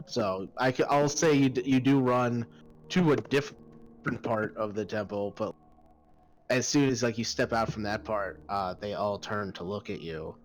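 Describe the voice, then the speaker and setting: A man narrating a tabletop game as game master, pausing often with fillers. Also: lowish voice. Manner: hesitant, many fillers.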